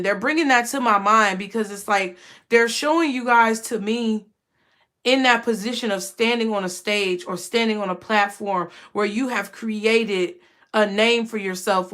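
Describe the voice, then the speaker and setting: A woman's voice: mid-range voice, a bit bright. A young woman giving a casual, emotional spiritual reading straight to her viewers, often repeating herself and calling them y'all. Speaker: tarot reader.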